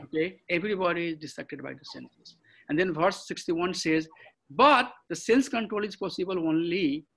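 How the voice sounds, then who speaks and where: Guy teaching over a video call, gravelly husky voice, lots of uh and you know. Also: high-pitched, fairly bright tone, poor audio. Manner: halting, many fillers and restarts. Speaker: scripture study teacher. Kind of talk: online scripture class lecture. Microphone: computer mic on a video call.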